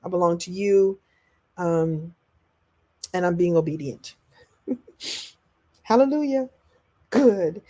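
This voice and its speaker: A woman coach chats with viewers in a live online class, her lowish voice mellow and warm, slow, with long pauses. She stays animated, laughs frequently, and answers incoming questions in an easy, conversational way.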